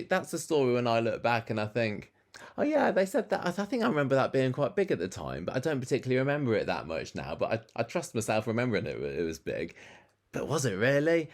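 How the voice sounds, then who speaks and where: A man co-hosting a podcast in casual chat, animated and jumping up in pitch when something excites him. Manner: chatty, jumps up in pitch when enthused. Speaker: podcast co-host.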